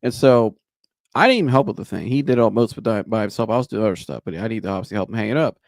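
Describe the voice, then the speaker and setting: A man's voice: on the low side, expressive, racing, vocal fry, dry recording, clean studio sound. A man hosting a podcast, telling a long rambling anecdote in a casual way, with restarts and laughter. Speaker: podcast host. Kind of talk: casual storytelling.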